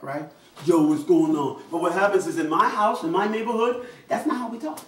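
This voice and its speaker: An American man giving a public address, animated, often acting out the voices of people he quotes. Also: fairly high pitch. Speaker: invited speaker. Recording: echoey room, mic far off.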